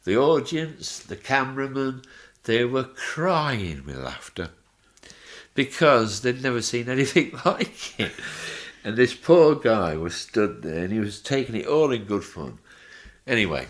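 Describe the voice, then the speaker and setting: A man on a podcast telling animated showbiz stories, laughing as he acts out the people in them. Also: mid-range voice, unhurried. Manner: animated, laughing storyteller acting out voices. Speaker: guest telling anecdotes. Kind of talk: podcast interview storytelling.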